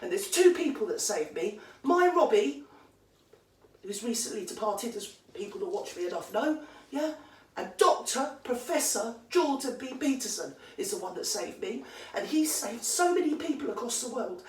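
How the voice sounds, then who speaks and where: A woman's voice: fairly high pitch, lively intonation, moderate pace. Sweary English woman ranting, echoey room. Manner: indignant, sweary rant. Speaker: comedy character vlogger. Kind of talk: ranting character comedy monologue. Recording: echoey room, far from the mic.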